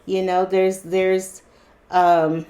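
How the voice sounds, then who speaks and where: A woman's voice: fairly low pitch, flat delivery, extremely slow, warm tone. Chatty woman reading tarot cards. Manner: chatty, repetitive, exclaiming "wow" and "interesting"; addresses viewers directly with fillers. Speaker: tarot reader. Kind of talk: casual tarot reading for viewers.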